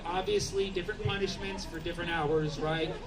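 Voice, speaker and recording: A man in his thirties doing a stand-up comedy set on stage, with conversational, punchy delivery and sudden loud outbursts. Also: sits high, steady tone, a little fast, roomy sound, far from the mic, over a noisy crowd. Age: 30s. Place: comedy stage before a laughing crowd. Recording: live comedy club with loud audience laughter.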